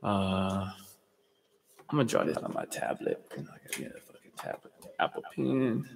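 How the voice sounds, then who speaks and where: A young man from Georgia hosting a livestream, telling rambling, profane stories in slangy, fast casual talk. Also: sits low, expressive, vocal fry, noisy background. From US state of Georgia. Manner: fast talker. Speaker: livestream host. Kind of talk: casual storytelling monologue. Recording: roomy with long reverb.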